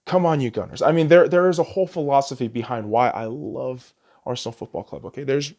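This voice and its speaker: A man's voice: medium pitch, fast, gravelly. A man hosting a podcast, ranting casually about football, swearing constantly and laughing at his own sarcastic jabs. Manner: rambling with restarts, gets loud when ranting. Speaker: podcast host. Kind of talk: casual profane football rant.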